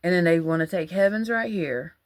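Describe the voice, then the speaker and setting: A woman's voice: fairly low pitch, fairly quick. Rambling woman in a casual monologue. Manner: rambling, animated, colloquial. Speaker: religious vlogger.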